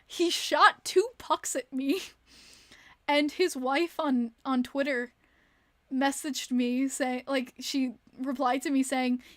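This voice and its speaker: A woman's voice: sits high, fairly even intonation, slow pace, no echo. A young woman casually telling rambling stories on a livestream, giggling often between her words. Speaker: streamer.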